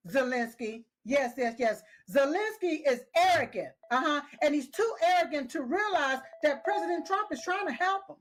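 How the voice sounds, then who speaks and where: A high-voiced woman political commentator gives casual, opinionated commentary in an emphatic, scolding tone, speaking straight at the people she criticizes and repeating herself with "yes, yes" and "uh-huh."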